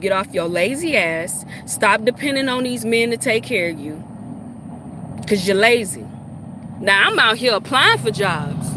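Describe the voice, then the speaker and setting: A woman delivers a heated monologue in a fairly high voice, scolding and hammering her points by repeating them. She is recorded outdoors, with faint street and traffic noise underneath. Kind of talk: ranting monologue to camera.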